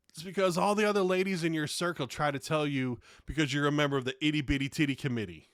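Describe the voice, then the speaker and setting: A man's voice: fairly high pitch, fairly even intonation, fast talker, no echo, studio quality. A man hosting a podcast, delivering a profane comedic rant with heavy swearing and exasperated outbursts. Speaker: podcast host.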